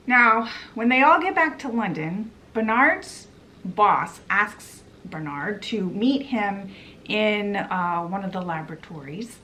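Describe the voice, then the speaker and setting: A woman's voice: medium pitch, pushed and bright. A woman who runs a book vlog, giving a chatty, casual book summary and putting on voices for the quotes. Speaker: book vlogger.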